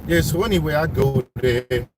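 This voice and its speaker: A man telling his life story to viewers as he drives around his old city neighborhood, animated and full of street slang. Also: a little high, normal speed, heavy background noise.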